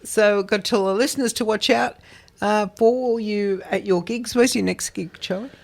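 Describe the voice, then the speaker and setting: A woman's voice: mid-range voice, steady tone, normal speed, gravelly. Woman radio host, easy and encouraging. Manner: encouraging, frequent short affirmations. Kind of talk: casual radio interview.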